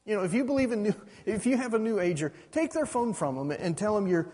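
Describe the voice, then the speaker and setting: A man's voice: sits high, lively intonation, fast, darkish tone, slightly rough. A middle-aged man preaching a sermon, pressing his points with rhetorical questions and asking "you understand that?". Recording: reverberant hall.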